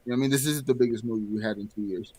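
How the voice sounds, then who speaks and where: Male co-host, mid-pitched, casual, dry close mic. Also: racing, husky, dry recording. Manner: relaxed, filler-heavy, says "you know what I mean". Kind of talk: casual movie review chat.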